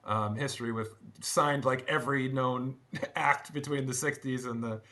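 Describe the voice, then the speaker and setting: A middle-aged man speaking as an interview guest, telling stories in a casual, animated way, laughing often and restarting his sentences. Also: mid-range voice, moderate pace. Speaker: guest, former band drummer. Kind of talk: casual conversational storytelling.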